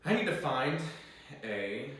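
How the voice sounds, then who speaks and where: A man's voice: mid-range voice, big pitch swings, slow pace, fairly bright tone, slight background noise. A young American man hosting a video, chatting casually and self-deprecatingly as he sight-reads organ music. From United States. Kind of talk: casual talk while sight-reading. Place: room with an organ. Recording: very echoey room, mic at a distance.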